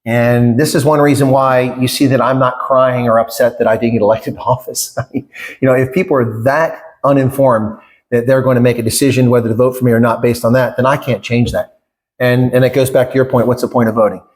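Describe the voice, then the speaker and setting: A middle-aged man answering questions in an interview, with a voice pitched right in the middle range. He talks in an emphatic, indignant way and often asks rhetorical questions. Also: fairly even intonation, fairly quick. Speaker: interview guest, former election candidate.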